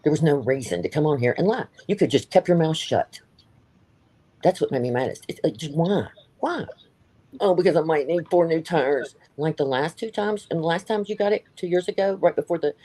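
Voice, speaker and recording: A man's voice: on the high side, fairly quick, warm tone. A man hosting a livestream, talking in a heated, blunt way, swearing and repeating himself. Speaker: livestream host. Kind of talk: ranting live-stream chat.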